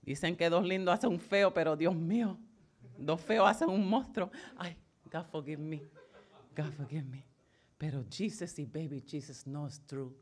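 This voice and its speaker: A woman's voice: fairly low pitch, sing-song, slow, a bit bright, voice pushed up, full character voice. Woman doing her dramatic old Latina grandma. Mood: scandalized. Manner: mixes Spanish and English, exclaims to God.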